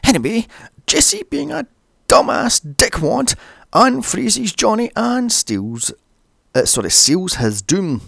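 A man narrates a movie recap with sarcastic, sweary asides. His voice is gravelly and swings up and down a lot. The recording is dry and close. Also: high voice, sing-song, slow pace, a bit bright, no echo. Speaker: movie reviewer.

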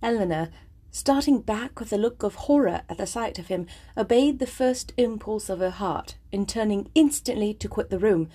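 A woman with a husky, mid-pitched voice reading a classic novel aloud. She talks to listeners in a chatty, self-deprecating way, then narrates in an even, storybook manner. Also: moderate pace. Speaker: audiobook reader.

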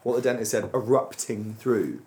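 A man from England rambles through a casual podcast chat, stopping and restarting his sentences and breaking into laughs. His voice sits at an ordinary middle pitch for a man. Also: expressive, moderate pace, darkish tone. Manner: rambling, self-interrupting, laughs often. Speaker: podcast co-host. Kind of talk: casual banter.

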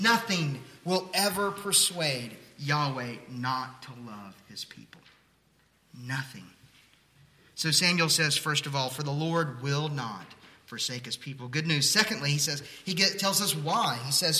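A man preaching a sermon as pastor, animated, with joking asides and playful mock voices. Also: a little high, unhurried. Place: church sanctuary. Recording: echoey hall.

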